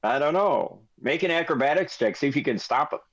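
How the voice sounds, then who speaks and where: A man narrating a tabletop game as game master, animated. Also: fairly high pitch, brisk, no room sound. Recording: dull lo-fi recording.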